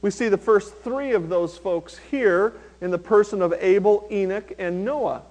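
A male pastor preaching a sermon, reading scripture slowly and with emphasis, then talking plainly to his congregation. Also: high-pitched, darkish tone, dull audio.

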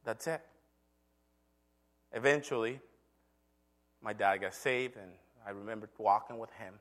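A man's voice: on the low side, a little slow, a bit bright. Earnest man preaching a testimony. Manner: earnest, storytelling with acted quotes. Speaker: church elder. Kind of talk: sermon testimony.

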